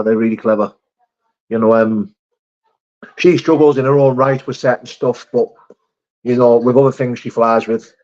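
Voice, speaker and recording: This man's voice is mid-range and a little mellow as he hosts a casual live stream. He reads out viewer comments and answers them frankly, with plenty of swearing, in slightly dull lo-fi stream audio.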